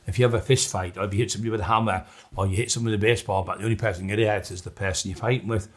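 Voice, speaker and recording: A man's voice: fairly low pitch, fairly even intonation, very fast. A middle-aged man, telling blunt, rambling stories in a documentary interview, full of restarts.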